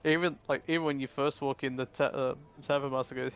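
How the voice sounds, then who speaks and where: A man running a tabletop fantasy game, speaking at a mid pitch. He narrates in a casual, halting way and keeps restarting his sentences. Faint music plays underneath. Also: fairly even intonation, clear, resonant tone. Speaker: dungeon master.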